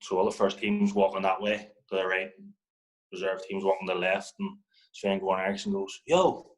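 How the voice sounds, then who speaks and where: Low-pitched and a little fast, this young Northern Irish man is a football guest spinning a casual yarn on a rough recording. He curses freely and mimics what others said with lively energy.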